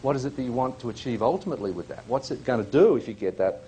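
A man's voice: medium pitch, expressive, very fast, warm tone, a little hiss or hum. A man presenting a live workshop, chatty and full of questions, coaching people from the audience.

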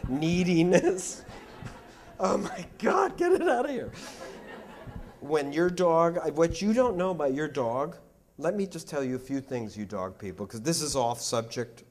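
A man lecturing in a hall, bantering and teasing the crowd with an animated, playful delivery. His voice sits at a middle pitch and swings up and down a lot. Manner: animated, joking, teasing the audience. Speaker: art critic giving a lecture. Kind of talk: public lecture with audience banter.

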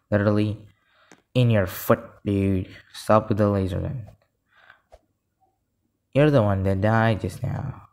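A man giving live gameplay commentary, excitable and easily frustrated, often saying "literally". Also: fairly low pitch, creaky. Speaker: gaming video creator.

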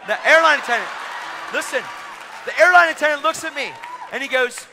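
Excitable high-voiced preacher in a big hall. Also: male voice, a little fast, a faint crowd. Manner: excitable, acts out dialogue, rising to shouts. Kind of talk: sermon storytelling. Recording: long reverb of a large hall.

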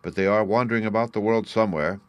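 A man voicing a sorrowful, loving queen speaking gently to her children in a fairy tale reading. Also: lowish voice, fast talker, clear, resonant tone, no room sound, lo-fi sound, lightly acted.

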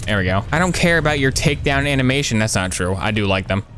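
A man's voice: medium pitch, animated, fast, a bit bright, a little hiss or hum. Sarcastic male gameplay commentator. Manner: dry, mocking, jokey asides.

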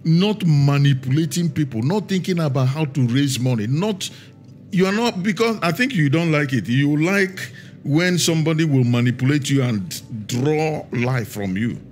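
A man's voice: fairly high pitch, animated, a little mellow, soft background music. A middle-aged man, a pastor preaching a sermon and telling stories, stressing words and drawing them out. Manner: storytelling, emphatic with drawn-out words.

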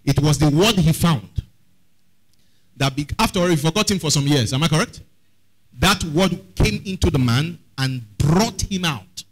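A man's voice: on the high side, expressive, moderate pace, rough recording. A man preaching a sermon as pastor, often asking the congregation questions.

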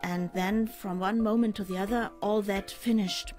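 An older woman with a mid-range voice answers interview questions about a past ordeal. She speaks in a measured, halting way, pausing often, with faint music underneath. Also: mid-range voice, fairly even intonation. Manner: measured, halting, with pauses and fillers. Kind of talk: recounting a personal ordeal in an interview.

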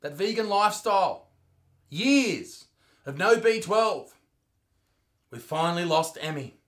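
A man's voice: high-pitched, expressive, takes it slowly, a bit bright. An Australian man doing a crude, mock-outraged comedy rant, reacting to clips.

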